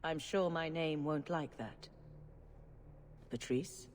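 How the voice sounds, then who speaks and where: An actress playing a calm, wise older church leader in a video game, speaking in a measured, gently authoritative way. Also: female voice, deep voice. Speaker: grand cleric character. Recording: long reverb with faint noise.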